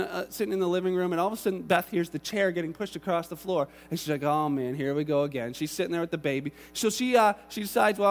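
A man in his thirties preaching a sermon, telling family stories in an animated, lively way. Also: high voice. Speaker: pastor. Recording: long reverb of a large hall.

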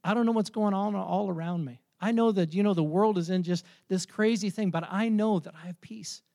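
A man's voice: high voice, brisk, creaky, dark tone. A man preaching a sermon in a conversational way, often repeating words as he thinks aloud. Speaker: pastor.

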